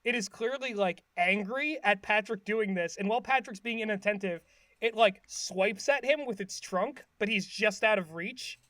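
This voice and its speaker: High-voiced man rambling through a recap. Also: normal speed, bright, forceful tone, no room sound. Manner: rambling retelling with many fillers, acting out quotes. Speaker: podcast co-host recapping an episode. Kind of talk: casual chat.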